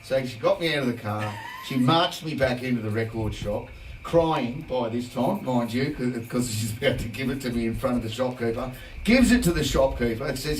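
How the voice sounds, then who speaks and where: A man's voice: medium pitch, brisk, recorded from a distance, a little hiss or hum. An Australian man, a band singer, casually telling a rambling story and laughing along as he hosts a livestream. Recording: roomy, from off the mic, guitar music.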